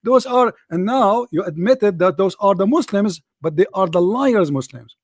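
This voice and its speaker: A man's voice: sits high, animated, normal speed, a little mellow. A man debating religion, combative and mocking, who keeps repeating himself and presses his opponent. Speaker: debate host.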